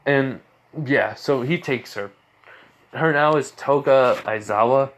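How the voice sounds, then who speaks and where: A man tells an improvised fan story off the cuff, rambling and restarting as he goes. His voice sits at an ordinary middle pitch, and he speaks casually, full of "like" and "you know". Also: slow pace.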